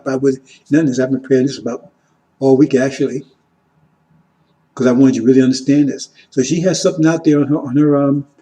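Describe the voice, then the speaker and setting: Mellow man preaching with emphatic rises. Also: mid-range voice, rough recording. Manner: repetitive, keeps asking "See?" and "right?"; swings from loud emphatic rises to quiet asides. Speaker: religious teacher. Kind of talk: informal teaching sermon.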